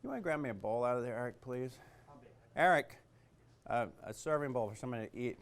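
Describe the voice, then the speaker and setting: A man's voice: mid-range voice, very fast. A man teaching a cooking class in a kitchen, chatty and joking, with lots of fillers. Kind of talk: casual cooking demonstration.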